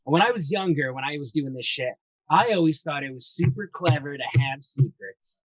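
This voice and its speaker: A man's voice: on the high side, lively intonation, normal speed, a bit bright, no echo, recorded from a distance, low-quality recording. A man chatting casually about tabletop role-playing, rambling and enthusiastic, swearing freely as he tells stories. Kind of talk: casual chat.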